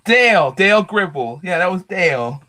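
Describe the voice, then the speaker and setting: A man's voice: high-pitched, animated, normal speed, bright, forceful tone. A man from Africa, a guest on a casual panel podcast, chuckling and bashful at first, then matter-of-fact.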